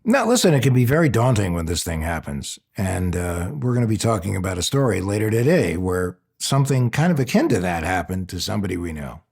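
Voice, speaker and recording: A man co-hosting a podcast about scams, talking in a lively, jokey way. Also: low voice, fairly quick, vocal fry, few pauses, husky. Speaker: podcast co-host. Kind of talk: casual podcast chat.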